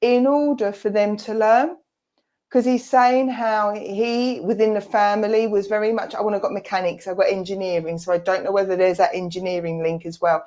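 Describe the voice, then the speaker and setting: A woman with an Essex accent gives a mediumship reading. She is chatty and reassuring, and she relays what a spirit says in quick asides. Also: medium pitch, steady tone, mellow. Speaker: presenter and medium. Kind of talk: giving an online mediumship reading.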